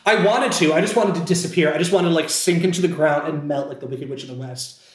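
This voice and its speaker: Guy rambling through a story, lots of likes, kinda high voice, echoey room. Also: quick pace. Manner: rambling, heavy on "like" and restarts. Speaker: podcast co-host telling a story. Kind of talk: casual storytelling.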